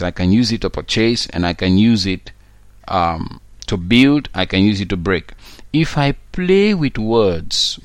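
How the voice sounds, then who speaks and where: A man's voice: mid-range voice, no echo. A man preaching a sermon, emphatic, repeating key phrases, then leading a prayer.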